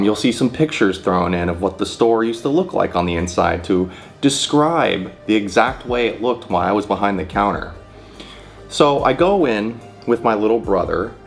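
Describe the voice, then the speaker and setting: A man in his thirties, the host of his own channel, tells a story in a low voice. He is animated and swears freely, and soft music plays faintly under him. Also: gravelly. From California. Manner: animated, profane, laughs often. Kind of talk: casual storytelling vlog.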